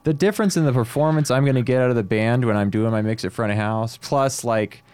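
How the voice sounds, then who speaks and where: A man working as an audio engineer, chatting casually in a laid-back way, swearing often and getting animated when he quotes people. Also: medium pitch, quick pace, clean tone, dry recording. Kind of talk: casual chat.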